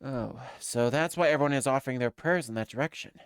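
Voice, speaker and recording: A woman's voice: a bass voice, fast, clear, resonant tone, no echo, studio quality, voice pushed down. A woman voicing a flustered young male defense lawyer in a fan voice-over of a game, with sarcastic, exasperated asides. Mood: dry.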